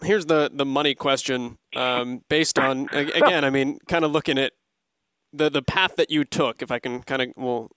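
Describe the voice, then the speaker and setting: A man interviewing a guest, asking long questions with halting restarts. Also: medium pitch, fairly bright tone, clean tone, dry recording. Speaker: podcast interviewer.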